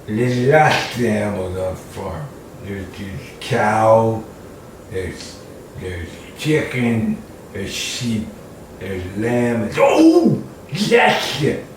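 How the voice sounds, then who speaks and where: A man's voice: fairly low pitch, very slow, slight background noise. A man doing a playful, mock-confused comedy routine, chatting with an imagined audience. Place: room at home. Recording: distant mic in an echoey room with faint ambience.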